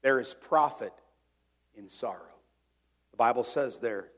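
A man's voice: mid-range voice, measured pace, pauses often. Earnest man preaching a sermon. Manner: earnest preaching, rising to emphatic then dropping quiet and reflective. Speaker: pastor.

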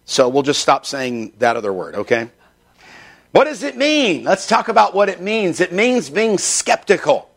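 A man's voice: fairly high pitch, sing-song, moderate pace, gravelly. A male pastor preaching a sermon in an earnest, plain-spoken way, with casual asides to the congregation.

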